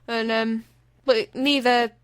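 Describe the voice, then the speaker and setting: A woman's voice: a little high, level tone, slow, clear, resonant tone, dry recording, studio quality. A young woman co-hosting a casual podcast, rambling and chatty, swearing now and then. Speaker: podcast co-host. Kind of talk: casual chat.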